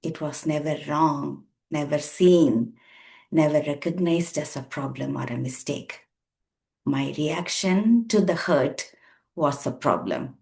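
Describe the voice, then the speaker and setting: Woman in her sixties, therapist, low voice, slow pace, earnest, emphatic repetition. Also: gravelly, a little mellow. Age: 60s. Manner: earnest, slow and emphatic, repeating words for weight. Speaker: counsellor and therapist. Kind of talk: reflective personal talk to camera.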